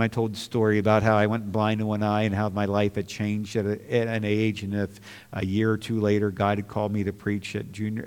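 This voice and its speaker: A man's voice: on the low side, a little mellow, clean tone. Earnest male preacher in a reverberant hall. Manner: earnest, rising to impassioned bursts. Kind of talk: sermon.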